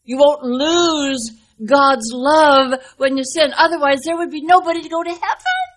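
An older woman preaching a sermon in an earnest, emphatic way, slowing down to stress key words and telling folksy stories with acted-out dialogue. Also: high voice, lively intonation. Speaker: speaker at a women's Bible teaching.

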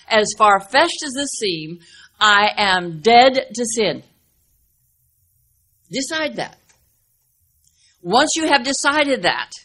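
An older woman preaching a sermon in an earnest, emphatic way, slowing down to stress key words and telling folksy stories with acted-out dialogue. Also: medium pitch, fairly bright tone. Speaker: speaker at a women's Bible teaching.

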